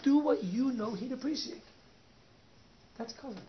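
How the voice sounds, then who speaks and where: A man, a rabbi, telling a story in a Torah talk, sprinkling in Yiddish and Hebrew words and swinging from soft to loud. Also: extremely high pitch, unhurried. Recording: dull lo-fi recording with faint noise.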